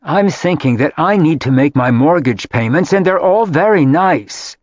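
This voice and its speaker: A man's voice: a little high, sing-song, takes it slowly, dry recording, voice pushed up, heavily acted. A male narrator voicing an embarrassed grown daughter who answers her mother sternly and defensively. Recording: dry, slightly dull audiobook audio.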